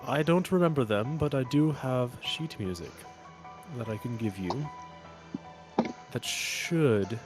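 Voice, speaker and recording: A man as game master voicing a formal male former council member who advises the heroes in a measured, solemn way. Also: medium pitch, lively intonation, music in the background. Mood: explaining.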